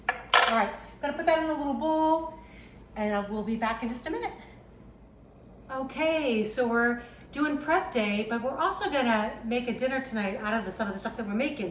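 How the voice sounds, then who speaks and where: A woman with a Boston accent, a home cook chatting casually through a cooking demonstration in her kitchen, with self-deprecating asides. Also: a little high. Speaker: home cook, channel host. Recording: echoey kitchen with faint background noise.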